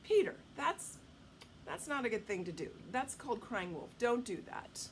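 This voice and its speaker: A woman's voice: on the high side, very animated, moderate pace, a little hiss or hum. A woman voicing a mother who firmly scolds her young son. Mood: scolding. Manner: firm and scolding. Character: stern but caring mother of a young boy.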